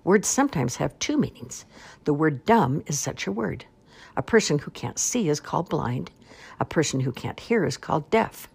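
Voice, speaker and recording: Woman reading as a pompous swan dad, lecturing, husky, gravelly, lively swings of pitch, storybook. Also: normal speed, full character voice. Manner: grand, flowery speechifying with loud commands. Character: pompous, long-winded male swan father.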